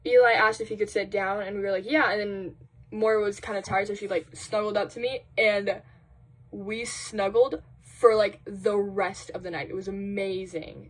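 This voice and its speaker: A woman's voice: mid-range voice, moderate pace. Young woman, college vlogger, rambling casual chat, lots of fillers and sighs, mid-range voice. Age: young adult. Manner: chatty and rambling, full of fillers and dramatic sighs; quotes friends in a raised voice. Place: indoors at home, doing laundry.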